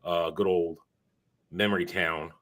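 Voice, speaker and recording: A man's voice: sits low, fairly even intonation, a little slow, fairly bright tone. A tired man hosting his own live stream, chatting casually and rambling as he corrects himself.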